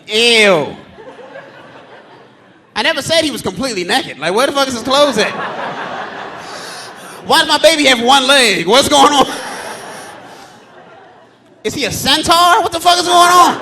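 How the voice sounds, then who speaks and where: Loud, profane tales about his kids fill this live stand-up set by a man in his thirties at a theater, with squeaky shouts as he acts them out. The background is noisy with audience laughter.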